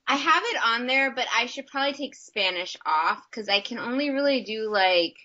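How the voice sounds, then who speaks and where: A woman's voice: fairly high pitch, animated, normal speed, pushed and bright. A young American woman, an actress, chatting casually and upbeat on a video call, full of fillers. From United States. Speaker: actress and guest. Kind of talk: casual interview chat. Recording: slightly muffled video-call audio.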